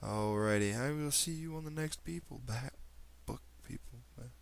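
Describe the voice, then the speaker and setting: A man's voice: mid-range voice, normal speed, gravelly. A man with an Australian accent reading a story aloud, then chatting in a rambling, apologetic way with frequent slips and restarts. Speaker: reader of fan fiction.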